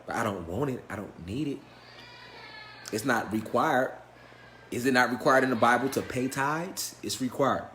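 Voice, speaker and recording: Man, spiritual lecturer, live class, profane, emphatic, rhetorical questions, mid pitch. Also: lively intonation, normal speed, pushed and bright, echoey room, a little hiss or hum. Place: lecture room with a live audience.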